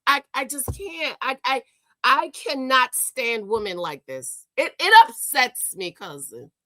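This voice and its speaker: A woman's voice: sits high, animated, measured pace, bright, forceful tone, no echo. A woman hosting a gossip commentary show, exasperated and scolding, stammering and repeating herself as she rants. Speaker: host.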